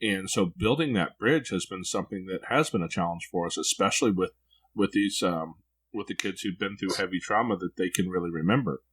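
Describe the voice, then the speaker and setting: Low-voiced man asking thoughtfully. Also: a bit bright, low-quality recording. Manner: thoughtful, halting, with restarts. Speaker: podcast host and foster parent. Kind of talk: conversational interview.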